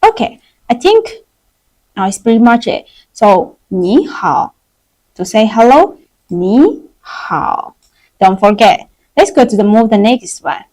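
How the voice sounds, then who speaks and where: A woman runs a live-streamed language class, leading her viewers through slow repetition drills. Her talk is unhurried and her pitch rises and falls a lot, with a fairly high but mellow tone. Her English is simple and non-native. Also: poor audio. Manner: drills words slowly for learners to repeat. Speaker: Chinese teacher.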